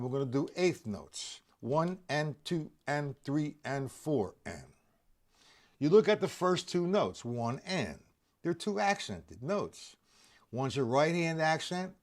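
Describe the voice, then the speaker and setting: Animated male drum teacher, lively pitch. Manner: animated, explanatory, talks to viewers by name. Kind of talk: live-streamed drum lesson.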